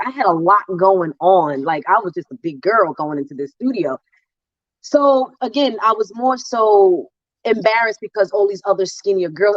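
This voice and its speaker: Woman from New Jersey, lively interview guest who acts out voices, dry and dull recording. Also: medium pitch, no echo. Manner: animated storyteller, acts out voices. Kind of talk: storytelling interview.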